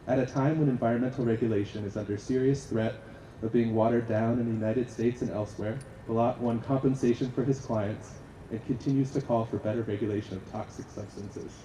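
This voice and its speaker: A man moderating a conference panel, briskly introducing the next speaker. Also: steady tone, warm tone. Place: lecture hall. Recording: distant echoey hall with rumble.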